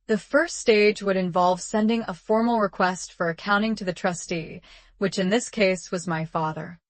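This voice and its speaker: A woman narrating a first-person drama story in a calm, measured, even way. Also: medium pitch, dry recording.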